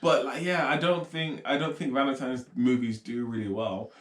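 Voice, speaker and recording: A man's voice: mid-range voice, fairly even intonation, normal speed. A man co-hosting a podcast, joking and rambling off on tangents in casual chat. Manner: jokey, rambling, goes off on tangents. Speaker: podcast co-host. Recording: echoey room.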